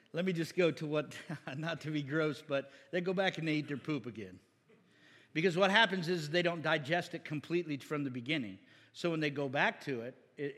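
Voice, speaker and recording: A man preaching a sermon in a lively, joking way, asking the crowd rhetorical questions and acting out mock voices. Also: fairly high pitch, long reverb tail. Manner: animated, jokey, acts out mock voices and asks rhetorical questions.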